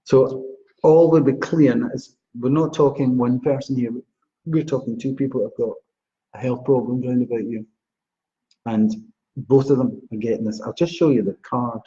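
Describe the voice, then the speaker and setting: Here a man's medium-pitched, dark voice keeps a fairly even intonation and a moderate pace, with a little hiss or hum underneath. As a psychic astrologer on a live stream, he greets viewers by name in a chatty way and gives card readings, and the audio is dull and lo-fi.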